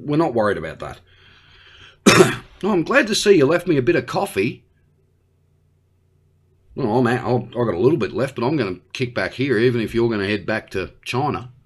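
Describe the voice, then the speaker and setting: A man's voice: mid-range voice, fairly bright tone. An Australian man doing a brash, slangy one-sided comedy conversation with an unheard partner. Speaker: comedy podcast host.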